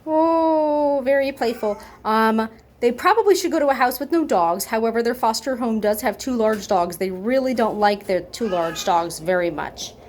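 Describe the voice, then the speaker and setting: A woman's voice: a little high, moderate pace, slight background noise. A woman chatting casually in an adoption video, talking up kittens and cooing baby talk to them, with cats meowing nearby at home. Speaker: cat foster and adoption volunteer.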